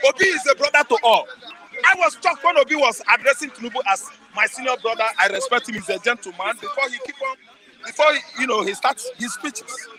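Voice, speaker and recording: Nigerian guy ranting about politics, real high voice, keeps asking are you listening. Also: expressive, brisk, crowd noise, rough recording. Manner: emphatic, repeats words, presses listener with rhetorical questions. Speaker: political commentator guest. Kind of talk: heated political commentary.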